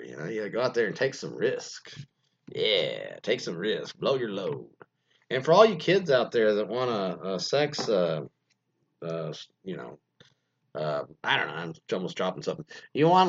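A man's voice: lowish voice, a bit bright, breathy edge. Brief: male podcast host, crude rambling jokester, muffled lo-fi sound. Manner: crude, joking, rambling, laughs often. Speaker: podcast host reading anonymous stories. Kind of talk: casual comic commentary.

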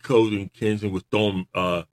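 A man chatting casually in loose grammar, rambling and laughing often as he tells animated stories. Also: lowish voice, fairly quick. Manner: animated storyteller. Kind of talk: casual chat watching wrestling.

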